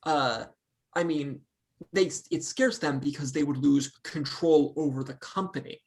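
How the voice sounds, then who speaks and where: A man's voice: a little high, measured pace, a little mellow. A man who is a journalist, speaking as a guest in casual chat, thoughtful and hedging.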